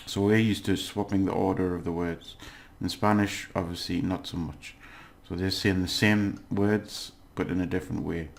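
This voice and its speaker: A man with a very low voice walks through a lesson recap in a relaxed, unscripted way. He is patient and keeps checking in with the listener, pausing often to gather his words. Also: gravelly. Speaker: language teacher. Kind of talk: casual recorded lesson recap.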